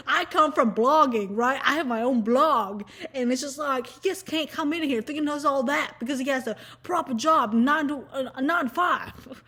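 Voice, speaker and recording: A woman's voice: high voice, normal speed, fairly bright tone. A woman, chatting casually in a rambling, swearing, giggly vlog style. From Southern United States. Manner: rambling, profane, giggly, lots of fillers. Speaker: vlogger. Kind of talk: casual chat.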